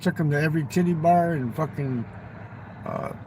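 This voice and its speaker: A gravelly older man rambles through boastful, profane anecdotes, his voice sitting a little high for a man. Faint room ambience and passing traffic murmur behind him. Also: moderate pace, warm tone, low-quality recording. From United States. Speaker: livestream guest telling stories. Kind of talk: rambling storytelling. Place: fast-food restaurant.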